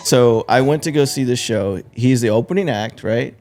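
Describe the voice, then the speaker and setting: Young guy hosting a podcast, chill slangy storyteller, mid pitch, bit of music way back. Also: moderate pace, a little mellow. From Texas. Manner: laid-back storytelling, lots of slang and fillers. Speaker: podcast host. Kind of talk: casual chat.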